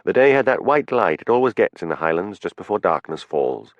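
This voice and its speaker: A man narrating an audiobook with an expressive reading style. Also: sits low, fairly quick, no room sound, lo-fi sound. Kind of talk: scripted narration.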